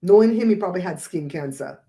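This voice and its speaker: Animated woman hosting a casual chat. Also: fairly low pitch, quick pace. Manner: animated, preachy, laughs often. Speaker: host.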